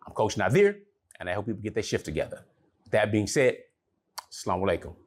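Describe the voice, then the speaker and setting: A man's voice: fairly low pitch, big pitch swings, fast. A middle-aged man, a relationship coach, talking casually to camera, telling stories in a conversational way and dropping in religious phrases.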